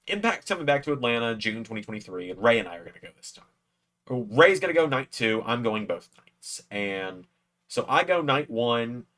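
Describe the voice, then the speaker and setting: A man chatting casually to camera, telling a personal story in an excitable way with plenty of fillers. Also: lowish voice. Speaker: YouTube creator.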